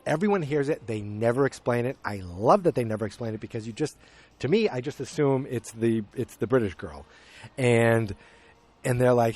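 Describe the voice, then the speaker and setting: A podcast host recapping a film in a loose, rambling way, with many restarts and quoted character lines. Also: male voice, medium pitch, darkish tone. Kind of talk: casual movie recap.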